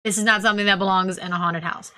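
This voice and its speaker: Bright-voiced young woman co-hosting a podcast. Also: mid-range voice, steady tone, racing. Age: young adult. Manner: profane, teasing, reads aloud with asides. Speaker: podcast co-host reading news stories. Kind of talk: casual chat.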